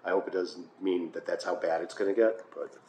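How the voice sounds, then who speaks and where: Low-pitched american pastor man chatting thru a bible study, dry little asides, echoey church room. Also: steady tone, fairly quick, a little mellow. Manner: conversational, with filler uhs and wry asides. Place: church hall. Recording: echoey room, faint noise.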